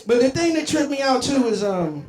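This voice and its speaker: A man's voice: very high voice, very animated, moderate pace, a little mellow. A man from Columbus, Ohio, doing a stand-up comedy set, with loose, profane, rambling banter with the crowd, on a club stage with a handheld mic. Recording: echoey club with crowd laughter.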